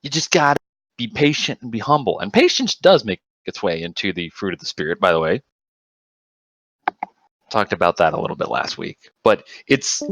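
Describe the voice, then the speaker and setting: A man with a slightly low voice shares thoughts in a casual Bible study discussion. He grows excited and emphatic, repeating key words. The sound is dry and close. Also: brisk, no room sound, rough recording.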